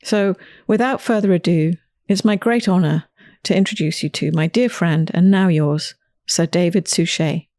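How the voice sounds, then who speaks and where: A woman's voice: lowish voice, normal speed, a little mellow, dry recording. Woman host telling a story, dry sound. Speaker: host and author. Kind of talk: scripted personal storytelling.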